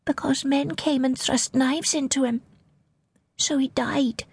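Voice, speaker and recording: Actress as a grieving young girl, soft and tearful, audiobook voice. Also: sits high, fairly even intonation, unhurried, no echo, pitched above the performer's own voice. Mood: sad. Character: grieving little girl, lady-in-waiting.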